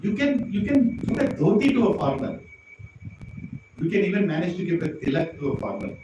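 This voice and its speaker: A man preaching an animated devotional story sermon, often turning to the audience with questions. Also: sits high, fairly quick, distant mic, highs cut off, background noise. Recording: echoey hall, mic from afar.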